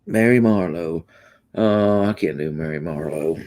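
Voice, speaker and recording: Deep, mellow male livestream host, easygoing drawl with lots of ums. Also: a little slow. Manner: laid-back, drawling, trailing off with ums. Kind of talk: casual livestream chat reading comments.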